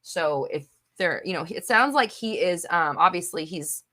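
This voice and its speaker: Hosting a live manifestation Q&A, a young adult woman reads viewer comments and answers them bluntly and with emphasis, dropping casual swears and many fillers. Her voice is on the low side, animated, pushed and bright, at normal speed.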